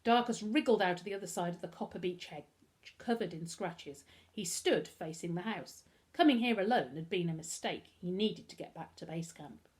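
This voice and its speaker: A woman teacher with an English accent reading a children's book aloud in an expressive, animated storytelling style. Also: fairly low pitch, normal speed. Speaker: primary school teacher.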